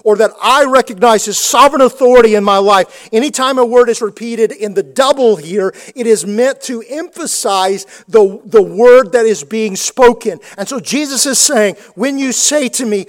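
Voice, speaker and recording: A man with a high voice delivers a sermon as pastor. He preaches emphatically, circling back and repeating key words to drive them home. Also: a little slow, few pauses.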